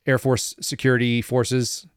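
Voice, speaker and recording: A man's voice: mid-range voice, level tone, unhurried, clean tone, dry recording, clean studio sound. A man, a former government analyst, telling a story as a guest in a casual interview, rambling and wry with lots of fillers.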